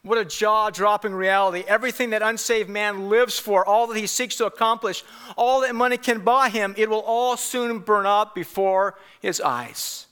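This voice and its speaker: A man's voice: high voice, moderate pace, pushed and bright, clean tone. A man preaching a sermon, emphatic and repeating key phrases for weight. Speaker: pastor.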